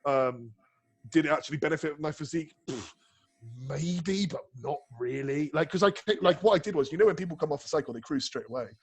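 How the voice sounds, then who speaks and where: A man with a somewhat high voice talks as a guest on a casual podcast. He tells animated, rambling stories, swears freely and restarts his sentences often. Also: fast, breathy edge. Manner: rambling, profane, lots of restarts and fillers; animated storyteller. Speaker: guest, bodybuilding prep coach.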